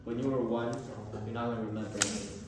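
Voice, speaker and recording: A teenage boy rambles through an old epic in slangy, self-correcting talk. His mid-pitched voice comes from a distance in a very echoey room. A faint noise hangs behind him. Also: fairly even intonation, quick pace. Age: teens. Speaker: storyteller. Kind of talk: casual retelling of a classic.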